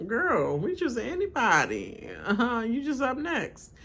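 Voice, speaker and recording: A woman's voice: on the high side, huge pitch swings, measured pace, a bit bright, slightly rough. A woman doing a live watch-along of a reality show, laughing often and acting out the cast in exaggerated voices while she rants bluntly. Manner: blunt, ranting commentary. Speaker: reality TV reaction streamer.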